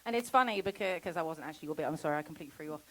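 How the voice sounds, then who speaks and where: A woman giving a casual festival talk about homesteading, chatty and quick to laugh, acting out quoted conversations. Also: sits low, animated, a bit bright, rough recording. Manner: chatty, laughs often, acts out quoted exchanges. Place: festival talk before an audience.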